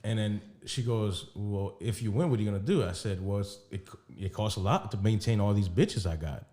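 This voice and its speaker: A man's voice: on the low side, brisk, warm tone. A young adult man casually telling a long personal story on a podcast, acting out both sides of a conversation with lots of profanity and laughter. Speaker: podcast co-host.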